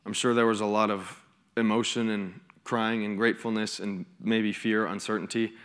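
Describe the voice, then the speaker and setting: A man's voice: on the low side, level tone, normal speed, a bit bright, smooth. A young man, a college pastor giving a conversational sermon with stories and asides. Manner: conversational preaching with storytelling and asides.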